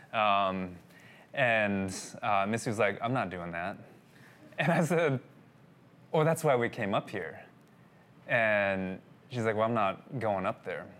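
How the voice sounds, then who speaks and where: A man's voice: on the low side, a bit bright. A man telling a personal story in a sermon, talking casually and addressing his listeners as guys. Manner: conversational, addresses audience as guys. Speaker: pastor.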